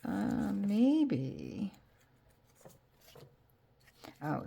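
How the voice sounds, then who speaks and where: Craft vlogger lady, low gravelly voice, talks slow, gets all excited, says sorry a lot. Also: a little hiss or hum. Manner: gushing, excitable, talks to viewers while handling crafts; self-deprecating, apologetic asides. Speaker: crafting channel host. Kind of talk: casual crafting vlog chat.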